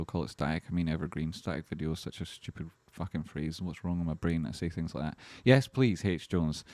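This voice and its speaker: A man's voice: sits low, darkish tone, dry recording. A British man hosting a stock market live stream, talking bluntly, swearing constantly and replying to his chat.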